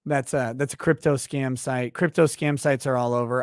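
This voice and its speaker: A man's voice: mid-range voice, steady tone, moderate pace, no echo, studio quality. A man hosting a livestream who rants in a blunt, profane, riffing way. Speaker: livestream show host. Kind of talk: casual livestream rant.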